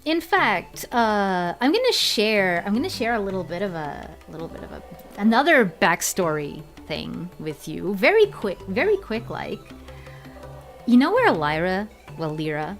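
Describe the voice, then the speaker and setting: A young woman streaming casually as a VTuber, rambling and laughing often, repeating herself as she goes. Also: medium pitch. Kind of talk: casual chat.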